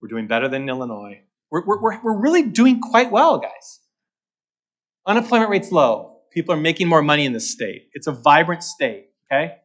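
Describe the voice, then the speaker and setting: A man's voice: on the high side, big pitch swings, normal speed, a bit bright. A man gives a luncheon talk as a market strategist, repeating his key points and checking in with the audience by asking "okay?". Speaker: guest speaker, market strategist.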